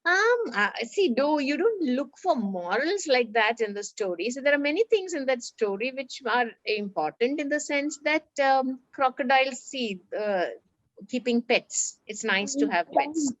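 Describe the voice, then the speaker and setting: A woman reading a story aloud to a class of schoolchildren, animated and acting out the characters' lines, with an Indian English accent. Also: sits high, unhurried, dry recording, low-quality recording.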